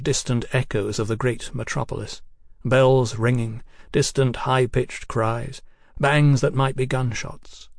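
Brief: male audiobook narrator, mid pitch, measured and unhurried, dry studio sound. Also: a little mellow, no room sound. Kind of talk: scripted novel narration.

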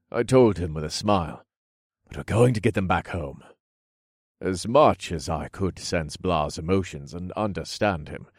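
A man narrating a first-person fantasy story in a steady, earnest, reflective way. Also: deep voice, dry recording, clean studio sound. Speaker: audiobook narrator.

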